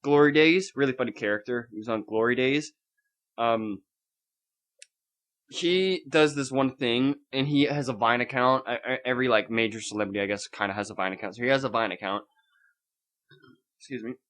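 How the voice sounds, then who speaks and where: A man's voice: mid-range voice, moderate pace, pauses often. A young man co-hosting a podcast, rambling and swearing as he tells a story in casual chat. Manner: rambling, animated, swears a lot, acts out scenes. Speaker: podcast co-host.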